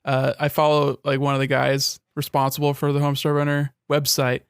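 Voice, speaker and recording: Male co-host, smooth and clear tone, laid-back, with lots of "like" and "uh", dry close sound. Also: medium pitch, a little fast, no echo. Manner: relaxed, hesitant with fillers. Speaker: podcast co-host. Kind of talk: casual gaming podcast chat.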